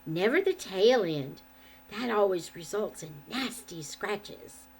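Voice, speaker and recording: A woman doing a gentle cheery shepherd. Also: on the low side, a little hiss or hum, pitched below the performer's own voice, low-quality recording. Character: cheerful kind tall male shepherd.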